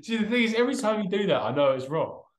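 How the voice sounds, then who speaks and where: A man co-hosting a casual podcast, dry and deadpan, with a sarcastic edge and casual swearing. His voice sits in a roomy, echoey space as he thinks out loud. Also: high voice, fast talker. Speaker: podcast co-host. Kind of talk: casual chat.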